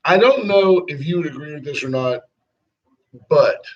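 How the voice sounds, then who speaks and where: A man's voice: on the high side, expressive, normal speed. Joking man on lo-fi radio chat. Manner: chatty, joking, sarcastic asides. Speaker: radio show co-host. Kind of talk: casual radio banter. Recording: dull lo-fi sound.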